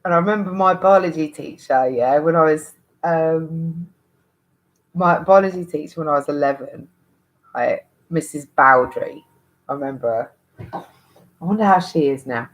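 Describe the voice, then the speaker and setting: A woman's voice: low voice, moderate pace, pauses often, low-quality recording. A woman in her thirties talking candidly to camera, frank and rambling, with swearing and frequent restarts. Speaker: vlogger. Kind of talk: candid monologue.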